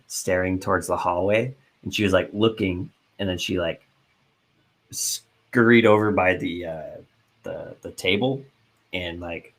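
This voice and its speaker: A man's voice: low voice, a bit bright. A man co-hosting a podcast in casual chat, rambling and restarting his sentences. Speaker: podcast co-host.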